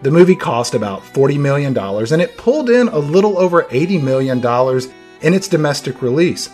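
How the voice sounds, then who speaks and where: A man hosting a movie podcast, narrating scripted film history with playful, dramatic emphasis. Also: fairly high pitch. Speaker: podcast host.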